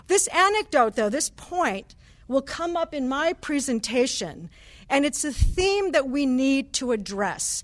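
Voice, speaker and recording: Middle-aged woman, high voice, professor giving a lecture at an event, loose conversational delivery. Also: expressive, moderate pace. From United States. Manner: conversational academic, with fillers and restarts. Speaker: guest speaker, professor of anthropology. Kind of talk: conference lecture. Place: cathedral hall.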